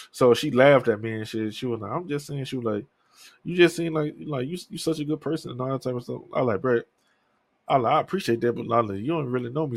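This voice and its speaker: A man's voice: mid-range voice, a bit bright, no room sound. Candid, profane man in his thirties. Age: 30s. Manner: candid, profane, rambling storytelling. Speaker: podcast host. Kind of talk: casual solo talk.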